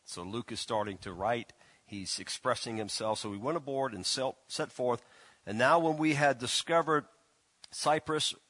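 A male pastor delivering a loose, conversational sermon, teasing his listeners and stumbling through restarts and fillers. His voice sits at a middle pitch. The recording is dry and close, with no room echo. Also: a bit bright. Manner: folksy, teasing, halting with many restarts and fillers. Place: church.

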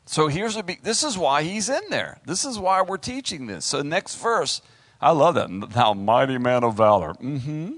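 A middle-aged male pastor preaching a sermon, animated, acting out voices and talking straight to the congregation. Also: a little high, no room sound, clean studio sound.

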